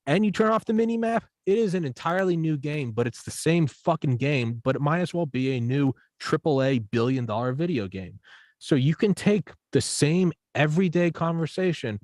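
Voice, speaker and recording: A man's voice: fairly high pitch, brisk, no room sound. A man talking as a guest on a podcast in a casual conversation. He rambles, swears freely and acts out little examples as he goes. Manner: profane, rambling, animated with acted-out examples.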